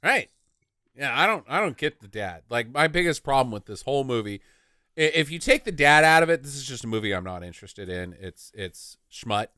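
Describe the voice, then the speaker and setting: A man's voice: medium pitch, big pitch swings, a little fast, pushed and bright, dry recording, studio quality. A man co-hosting a casual comedic movie podcast, profane and joking as he riffs on the film. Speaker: podcast co-host.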